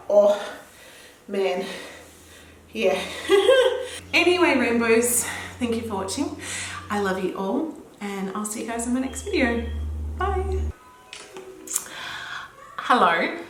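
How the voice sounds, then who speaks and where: A woman's voice: medium pitch, fairly bright tone. Young female vlogger, breathless, rambling, filler-heavy, roomy echo. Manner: chatty, rambling with many "like" fillers. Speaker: pregnancy vlogger. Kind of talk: casual vlog update.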